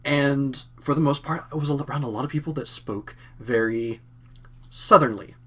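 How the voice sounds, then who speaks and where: A young Kentucky man with a faint Southern accent hosts a casual live-stream Q&A at a normal pace in a medium-pitched voice. He rambles, leaning on fillers and correcting himself often.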